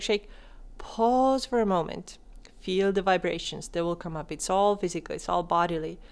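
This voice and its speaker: A woman hosting a coaching podcast, speaking directly to the listener and shifting between quick animated talk and slow, soft, calm delivery. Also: fairly low pitch. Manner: addresses listener directly with questions. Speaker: podcast host and wellness coach.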